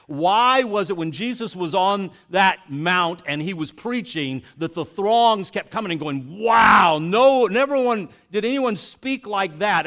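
A man preaching a sermon, reading scripture, then explaining it in a conversational, animated way with restarts and asides. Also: sits high. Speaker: pastor.

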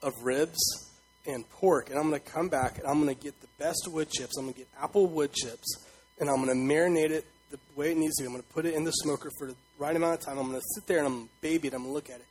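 A man's voice: a little high, fast, darkish tone, slight background noise, poor audio. A man in young adulthood preaching a sermon as pastor, in a conversational style, asking the congregation questions and voicing God with emphasis.

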